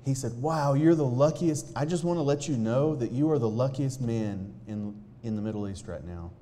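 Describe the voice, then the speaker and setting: A man telling a personal testimony to a live audience in an earnest, halting way, often restarting his sentences. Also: medium pitch, warm tone. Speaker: speaker sharing a personal testimony.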